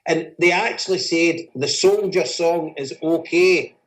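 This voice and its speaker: A man's voice: a little high, a little slow, low-quality recording. A Scottish man co-hosting a casual radio chat show, ranting a bit and teasing the caller. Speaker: co-host.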